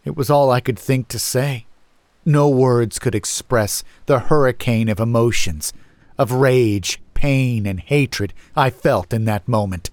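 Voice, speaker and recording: Slow, brooding male horror narrator. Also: mid-range voice, darkish tone, no echo. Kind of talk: first-person horror narration.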